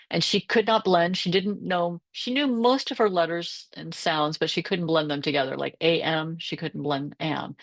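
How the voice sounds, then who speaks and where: Low-voiced woman tutor explaining phonics. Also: vocal fry, no echo. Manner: explanatory, models phonics sounds aloud. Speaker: reading tutor presenting a teacher workshop. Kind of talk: workshop presentation.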